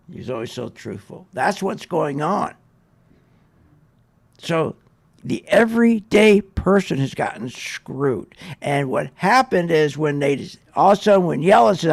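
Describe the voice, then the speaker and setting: A man hosts a radio show, ranting sarcastically in opinionated market commentary. His voice sits high for a man and has a gravelly fry running through it. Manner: ranting, sarcastic, mocks others in put-on voices.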